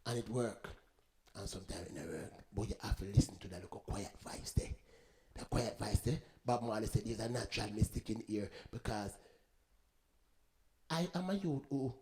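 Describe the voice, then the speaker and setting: A man's voice: medium pitch, animated, fairly quick, darkish tone. A man giving a rambling, preachy spoken reflection between songs, mixing in patois sayings.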